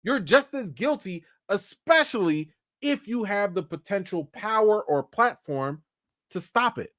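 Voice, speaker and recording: A man's voice: high-pitched, animated, a little slow, a bit bright. A man hosting a livestream of entertainment news, with emphatic, scolding commentary. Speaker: livestream host.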